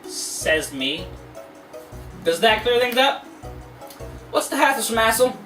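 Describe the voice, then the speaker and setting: A man's voice: extremely high pitch, big pitch swings, slow, pushed and bright, reverberant, distant mic, soft background music, heavily acted. A man voicing a brash, tough-talking male evil-twin hedgehog, attempting a Brooklyn tough-guy delivery. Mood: mocking.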